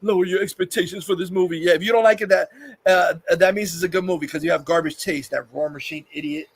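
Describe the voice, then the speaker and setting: High-voiced man ranting on a livestream. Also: fairly even intonation, fast talker, slightly rough. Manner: profane, laughs often, rambling. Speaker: livestream host. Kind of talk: casual livestream chat.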